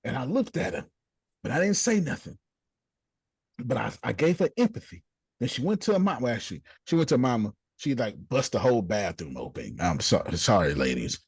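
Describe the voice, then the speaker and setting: Lively husky man preaching with swings. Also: brisk, no room sound. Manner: animated, swings from low asides to high exclamations; blunt slangy with casual swearing. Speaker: host leading a group discussion. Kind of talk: preacherly motivational talk.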